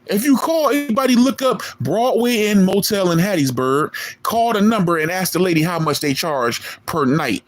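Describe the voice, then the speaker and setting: A man's voice: sits high, animated, normal speed, hardly any pauses. A man, streaming a boastful, profane callout rant at a rival in street slang. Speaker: online streamer.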